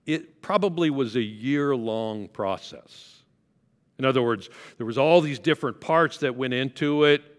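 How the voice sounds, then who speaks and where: A man's voice: medium pitch, fairly bright tone, big-room sound. A male pastor preaching a sermon in a conversational way, asking his listeners questions.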